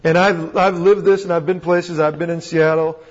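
Male pastor, higher-than-average voice, chatty sermon full of restarts and questions, dull lo-fi sound. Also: little pitch movement, normal speed. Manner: conversational, asks rhetorical questions, frequent restarts. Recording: dull recording in a reverberant hall.

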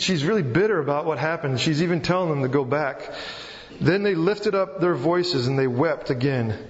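A man preaching a sermon, reading scripture and explaining it in an earnest, halting way with frequent restarts. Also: on the high side. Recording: muffled, with long hall reverb.

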